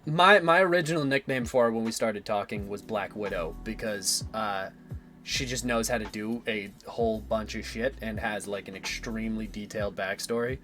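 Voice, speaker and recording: A man's voice: on the low side, normal speed, bright, forceful tone, faint music behind. Laughing, rambling young man streaming. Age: 20s. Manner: laughs often, swears casually, rambling. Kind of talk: casual stream chat.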